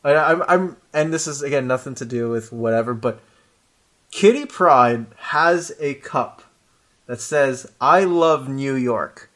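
Man, casual comic chat, rambling, enthusiastic fan, mid pitch. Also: a little slow, fairly bright tone. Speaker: comic book podcast co-host.

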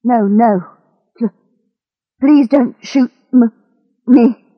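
A woman's voice: mid-range voice, lively intonation, a little slow, no room sound, lo-fi sound. A woman voicing a cowardly male henchman who stammers and pleads, in a storybook reading. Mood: pleading.

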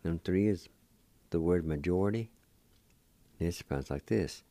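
A man with a very deep, gravelly voice teaches words at a slow, careful pace. He spells everything out patiently, letter by letter, as a radio host would. The sound is dry and close, with no room around it. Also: warm tone, no room sound. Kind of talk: slow spelled-out language lesson.

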